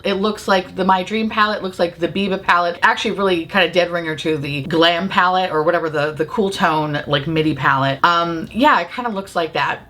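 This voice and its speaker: Woman ranting and cursing on her channel, super animated voice, keeps laughing. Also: mid-range voice. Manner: profane, exasperated ranting with frequent laughs. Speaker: host. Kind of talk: casual chat.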